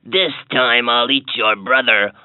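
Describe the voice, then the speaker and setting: A man voicing a terrible hungry troll who lurks under a bridge, deep, slow and menacing, on a tinny lo-fi toy speaker. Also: roomy sound, long reverb tail, close to an everyday voice. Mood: grudging. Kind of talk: storybook character voice.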